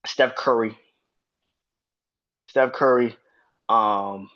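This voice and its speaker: A man's voice: mid-range voice, fairly even intonation, extremely slow, fairly bright tone, highs cut off. A man hosting a sports podcast, ranting in a profane, heated way and repeating himself when worked up. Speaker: podcast host. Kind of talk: casual sports rant.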